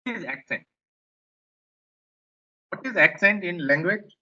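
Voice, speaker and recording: A man's voice: sits high, lively intonation, measured pace, sharp tone, muffled recording. A man with an Indian English accent giving a classroom lecture, explaining points and repeating them. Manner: repetitive, explanatory, rephrases points.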